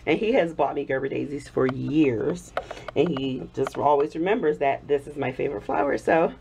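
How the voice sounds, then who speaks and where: Speaking over background noise, a woman with a deep, creaky voice talks at normal speed. She's a soap-making vlogger in her thirties, recovering from illness, laughing often as she chattily tells a story in a casual home vlog.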